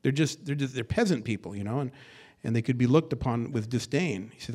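Working verse by verse through scripture, this pastor speaks at a middle pitch with a husky, lively, fairly quick delivery. His expository sermon swings from quiet, confiding asides to loud, emphatic readings of the text, kept conversational by folksy jokes and acted-out quotes.

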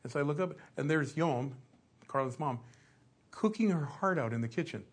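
Husky-voiced middle-aged male preacher. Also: fairly high pitch, animated, moderate pace. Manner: conversational storytelling with acted-out asides. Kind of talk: sermon.

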